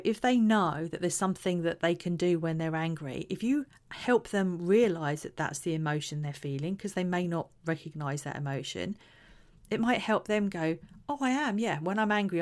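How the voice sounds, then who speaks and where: A woman giving earnest parenting advice, acting out example phrases in a gentle way. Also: sits low. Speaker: parenting educator. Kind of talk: talking-head advice talk.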